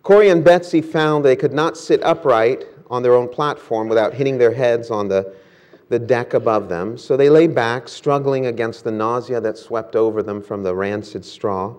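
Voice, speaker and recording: A male pastor with a mid-range voice delivers a sermon. His prayers are quiet and reverent. His storytelling is lively. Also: mid-range voice, moderate pace.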